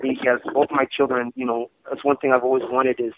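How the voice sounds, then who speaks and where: Fast-talking man on a phone line. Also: medium pitch, little pitch movement, noisy background. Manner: rambling, repeats "you know what I mean". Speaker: MMA fighter guest. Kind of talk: casual interview talk. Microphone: phone call.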